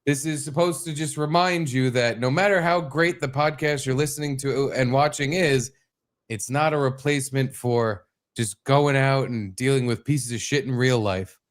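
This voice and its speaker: A man hosting a podcast, making wry, deadpan jokes with casual swearing in a relaxed comedic chat. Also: medium pitch, normal speed. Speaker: podcast host.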